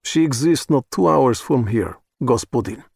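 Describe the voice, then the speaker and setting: A man putting on a menacing Russian hitman with a thick accent, speaking slowly and stiffly in broken phrases. The recording is dry and close, as in an audiobook reading. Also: medium pitch, expressive, creaky, a little mellow, husky, dry recording. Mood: stiff, pronouncing. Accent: put-on Russian. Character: menacing male Russian hitman, formal and stilted.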